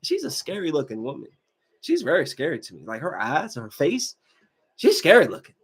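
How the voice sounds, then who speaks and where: A man hosting a podcast, giving a casual, slangy movie review with emphatic rants and quick asides. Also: fairly high pitch, wildly swooping pitch, breathy edge. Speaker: podcast host.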